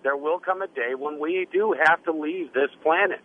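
A man's voice: a little high, normal speed, a crowd in the background. Guy on the radio, trips over words a lot, um and uh, kinda muffled lo-fi sound. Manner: hesitant, restarts, many fillers. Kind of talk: radio debate. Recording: dull lo-fi radio audio.

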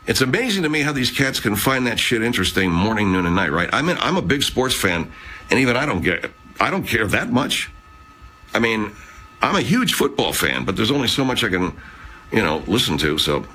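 A man's voice: lowish voice, big pitch swings, a little fast, sharp tone, husky. A man hosting a casual live chat, rambling, swearing, and reading out viewer comments. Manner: rambling, profane, chatty. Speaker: livestream host.

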